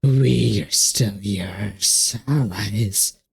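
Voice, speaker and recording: A man putting on a gravelly, hissing voice to read the lines of an arrogant, preachy ancient male ruler in a video game. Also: lowish voice, very slow, darkish tone, no room sound, studio quality, voice pushed down, full character voice. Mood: lecturing. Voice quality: gravelly strained put-on voice. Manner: hissing half-whispered villain delivery. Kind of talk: reading game dialogue aloud in character.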